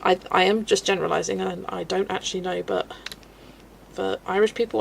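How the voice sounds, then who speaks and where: A woman's voice: mid-range voice, steady tone, fairly quick, vocal fry, slight background noise. A woman from the UK hosting a casual colouring livestream, chatting and laughing as she reads out viewer comments. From United Kingdom. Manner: chatty, rambling, laughs often, reads chat aloud. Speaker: livestream host reading chat. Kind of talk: casual chat while colouring.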